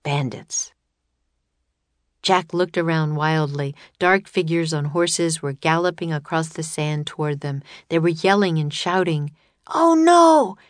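A woman's voice: deep voice, fairly even intonation, unhurried, no room sound. Woman reading a children's storybook. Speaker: audiobook narrator. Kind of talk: scripted storybook narration.

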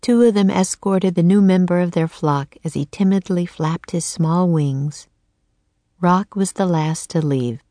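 A woman narrating a children's storybook in a clear, steady storytelling voice. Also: lowish voice, a little slow, dry recording.

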